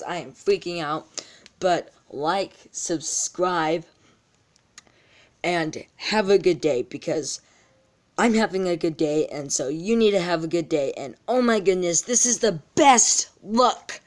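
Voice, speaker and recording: A woman's voice: sits low, unhurried. A young woman vlogging as she opens trading card packs, gasping and exclaiming over her pulls. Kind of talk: excited unboxing vlog.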